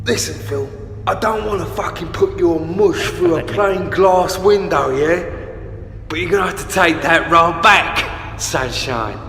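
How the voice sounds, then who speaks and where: A man putting on a Cockney hardman, muttering hushed threats. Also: sits high, unhurried, voice pushed up, heavily acted. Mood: threatening. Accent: put-on Cockney. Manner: hushed threats, sudden shouted outburst. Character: would-be hard male Cockney geezer Phil. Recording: echoey roomy stream clip with faint music.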